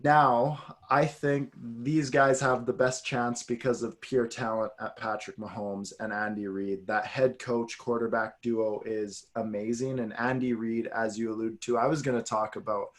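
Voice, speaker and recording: A man chatting on a sports podcast in a loose, rambling way. His voice sits in an ordinary middle pitch. He gets animated as he wanders off on tangents. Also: unhurried, few pauses. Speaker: podcast co-host. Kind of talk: casual sports chat.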